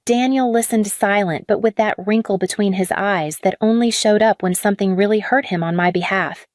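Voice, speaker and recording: A woman reading a scripted first-person drama story in a measured, even way. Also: mid-range voice, dry recording, studio quality. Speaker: story narrator.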